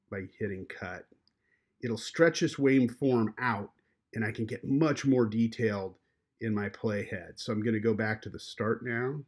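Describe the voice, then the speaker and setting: A man teaching a journalism class, walking through an audio editing tutorial in a relaxed way with many fillers. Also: fairly low pitch. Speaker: journalism instructor. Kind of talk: screen-recorded software tutorial.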